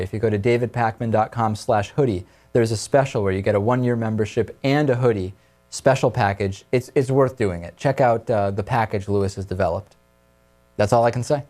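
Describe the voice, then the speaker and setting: A man's voice: mid-range voice, a little fast, darkish tone. A man hosting a talk radio show, leading casual discussion with his co-hosts in a conversational way.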